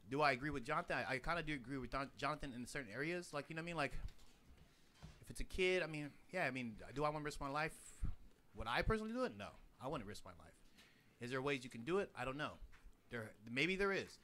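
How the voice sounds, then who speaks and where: A young adult man in casual chat, telling an animated story full of swearing and acted-out sound effects. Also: on the high side, fast talker. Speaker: podcast co-host.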